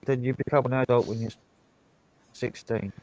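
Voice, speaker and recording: British man, mid-pitched voice, dry close sound, keeps asking why, casual stream chat. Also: steady tone, normal speed, a little mellow, no echo, low-quality recording. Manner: presses with repeated questions. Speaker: live stream guest.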